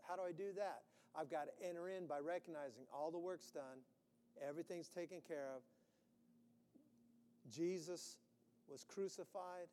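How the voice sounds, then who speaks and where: A man preaching a sermon, animated, acting out quotes with sudden loud bursts. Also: on the high side, in a large hall, a little hiss or hum. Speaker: pastor.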